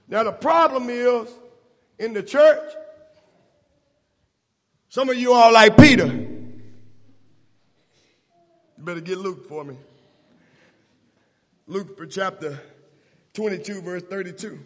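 A man preaching a sermon in a church, impassioned and rising to shouts. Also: sits high, slow, pauses often. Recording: long reverb of a church hall.

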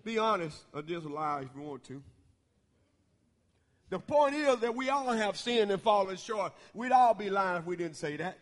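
A man preaching a sermon in a church, using call-and-response and swelling into half-sung shouts. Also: high voice, lively intonation, normal speed. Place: church sanctuary. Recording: long church hall reverb.

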